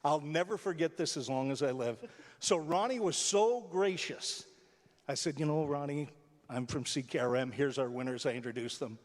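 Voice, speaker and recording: An older man, a longtime radio personality, tells heartfelt stories on a theatre stage. His voice runs a little high and he tells them with animated, emotional energy. The sound carries a long reverb from the hall. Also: moderate pace. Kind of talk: storytelling speech to a live audience.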